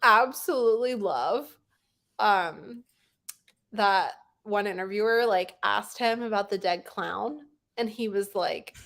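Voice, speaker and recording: Taking it slowly, a young woman co-hosting a podcast talks casually, sprinkling in fillers and laughing a lot. She speaks at a medium pitch with vocal fry and a slightly bright tone.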